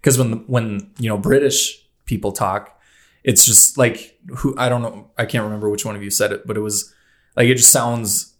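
A man's voice: on the low side, fairly even intonation, normal speed. A man chatting casually as a podcast co-host, rambling and hesitant as he tells stories. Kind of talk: casual chat.

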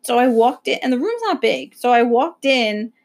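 A young woman with a slightly high voice tells a casual story about her work at a moderate pace. She's animated, swears freely and acts out other people's voices.

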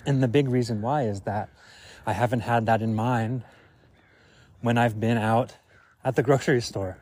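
A man's voice: medium pitch, steady tone, normal speed, darkish tone, dry recording. A man hosting a podcast alone, recorded outdoors while on a walk. He muses and thinks aloud in a reflective monologue, full of fillers. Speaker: podcast host.

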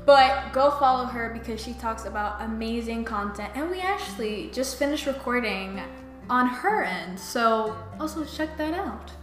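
A young woman with a high, bright-pitched voice hosts a relaxed podcast chat, laughing easily and keeping things upbeat. The room is echoey, with faint music in the background. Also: normal speed. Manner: giggly, upbeat. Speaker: podcast host. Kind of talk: casual chat.

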